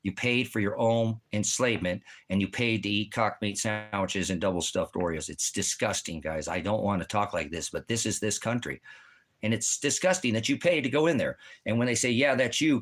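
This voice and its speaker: A man with a somewhat low voice holds forth in a crude, swearing monologue. He rambles and circles back on himself, agitated and repetitive throughout. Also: a bit bright. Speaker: vlogger. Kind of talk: profane ranting monologue.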